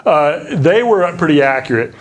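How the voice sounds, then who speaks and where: A man's voice: fairly high pitch, animated, moderate pace. A man with a slight Southern accent giving a public lecture as a linguistics professor. He talks conversationally, with many fillers and restarts.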